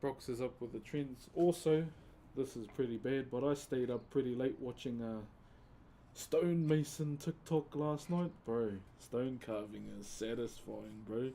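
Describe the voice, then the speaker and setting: A slight hiss or hum sits under the audio as a laid-back New Zealand man with a Kiwi accent talks to his live-stream viewers. His medium-pitched voice is dark and unhurried, and he calls them "bro" while carving wood.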